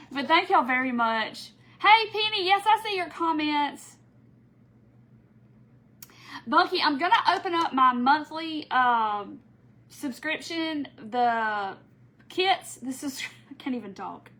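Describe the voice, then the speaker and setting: Woman, high voice, chatty, greets viewers, laughs often, casual craft live stream. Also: animated, normal speed, bright, forceful tone, poor audio. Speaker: craft host. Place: at home.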